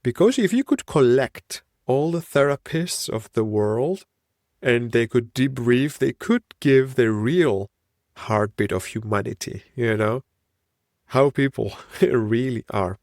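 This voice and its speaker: A man's voice: mid-range voice, expressive, takes it slowly, a little mellow, no echo, clean studio sound. A man in his thirties with a Greek accent, hosting a solo podcast in a reflective, wandering way. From Greece. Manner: reflective, musing, wandering train of thought. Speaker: podcast host.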